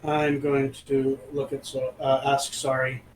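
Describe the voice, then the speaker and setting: A man's voice: medium pitch, monotone, unhurried. A man playing a tabletop game in an easygoing, chatty way. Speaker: player. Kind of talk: casual tabletop play. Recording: echoey room, faint noise.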